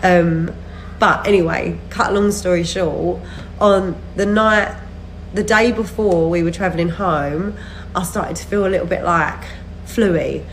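Woman, thirties, lowish voice, chatty, rambling, laughs mid-sentence, worn out, phone video. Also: a little slow, a little hiss or hum, poor audio. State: worn out from recent illness. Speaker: vlogger updating followers. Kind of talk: casual chat to camera.

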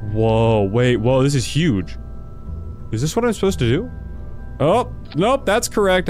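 A man giving casual let's-play commentary, excitable and confused, talking to himself as he plays. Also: medium pitch, moderate pace, soft background music. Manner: excitable, confused, talks to himself while playing. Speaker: gaming video host.

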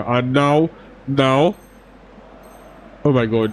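A man's voice: medium pitch, normal speed, a little mellow, slight background noise, rough recording. A young man giving casual, expletive-laden commentary over a football video game and ranting when the game frustrates him. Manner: swears freely, frustrated rants at the game. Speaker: gaming YouTuber.

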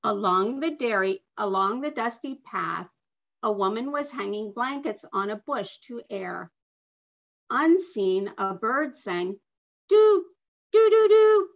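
A woman slowly and expressively reading a picture book aloud to children over a video call. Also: mid-range voice, creaky. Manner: slow, expressive storytelling with soft asides. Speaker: guest reader. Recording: dull lo-fi video call audio.

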